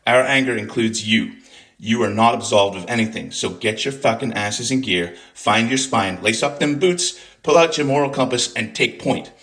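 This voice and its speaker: A man's voice: medium pitch, normal speed, fairly bright tone. A man delivering an angry, profane political rant to camera, sarcastic and full of venom. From United States. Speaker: political commentator.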